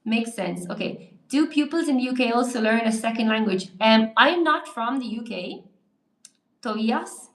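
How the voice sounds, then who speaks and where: A woman's voice: on the high side, lively intonation, normal speed, fairly bright tone, reverberant. An Irish woman teaching English on a live stream, chatting through viewer comments aloud and answering them. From Ireland.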